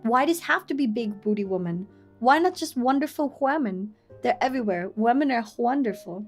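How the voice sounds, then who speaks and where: A woman streamer reading a story game aloud and chatting, telling stories in an animated, expressive way. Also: a little high, brisk, faint music behind.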